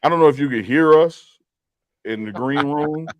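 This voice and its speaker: A man co-hosting a casual live stream, joking and teasing his partner and stumbling over repeated words when he gets excited. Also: fairly high pitch, normal speed, a crowd in the background. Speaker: podcast co-host.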